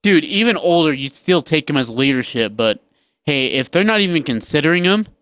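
Animated, fast-telling sports radio man. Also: on the high side, smooth, no echo. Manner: animated storytelling, acts out players. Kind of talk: casual sports talk.

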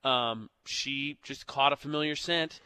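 A man's voice: mid-range voice, a little slow, pushed and bright, clean tone, no echo. A young man hosting a morning radio show, telling stories in a joking, chatty way from the studio. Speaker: radio host. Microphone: studio mic.

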